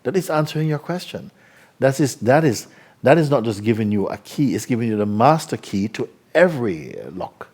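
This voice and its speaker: A man giving spiritual teaching to a live audience, unhurried and probing with repeated questions. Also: mid-range voice, animated, a little mellow, slightly rough.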